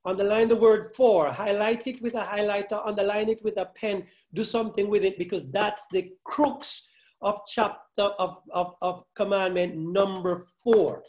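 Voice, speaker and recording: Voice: mid-range voice, animated, darkish tone. Pastor preaching with emphatic repetition. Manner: emphatic, repeats key words, questions the congregation; halting restarts, then building force. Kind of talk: sermon.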